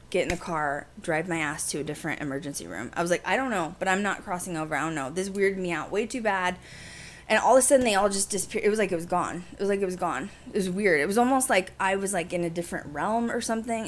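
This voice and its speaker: A young woman hosting a casual livestream, recounting a personal story in a lively, rushed way. Her voice sits at an ordinary middle pitch for a woman. She keeps dropping "like" into nearly every sentence. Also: a little hiss or hum. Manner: animated, fast, heavy use of "like". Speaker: podcast host.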